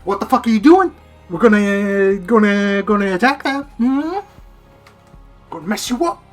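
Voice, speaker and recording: A man voicing a furious, unhinged middle-aged mother who shouts threats while he retells a manga story. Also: a little high, very animated, measured pace, husky, faint music behind, full character voice. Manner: shouting, menacing.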